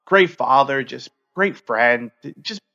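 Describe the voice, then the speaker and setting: A man's voice: mid-range voice, lively intonation, creaky, bright, forceful tone, lo-fi sound, soft background music. Earnest man telling a personal story. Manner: halting, heavy use of fillers; earnest, open. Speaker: podcast host.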